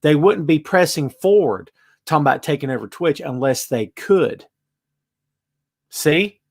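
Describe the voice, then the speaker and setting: Animated man hosting a live-stream chat. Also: measured pace. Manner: animated, conversational, reads viewer comments aloud; wide swings in pitch and loudness, emphatic. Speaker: host.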